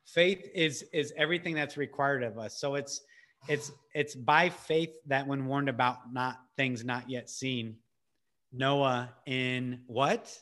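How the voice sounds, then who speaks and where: A man giving an impassioned personal testimony over a video call, earnest and emotional, casual in his wording, moving between raised urgency and hushed intensity. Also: mid-range voice, measured pace. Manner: casual, with filler words and restarts. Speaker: ministry speaker.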